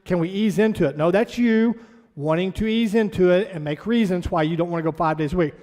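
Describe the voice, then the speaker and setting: Blunt high-voiced fitness trainer in an echoey hall. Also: male voice, fairly quick, a little mellow. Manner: blunt, motivational, talks straight to the group. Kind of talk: orientation talk to a class. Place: fitness studio classroom.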